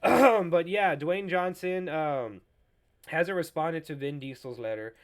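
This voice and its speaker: Young guy doing a sweary sarcastic podcast rant, kinda high voice, mocking everything. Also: measured pace. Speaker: podcast host. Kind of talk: casual solo pop culture rant.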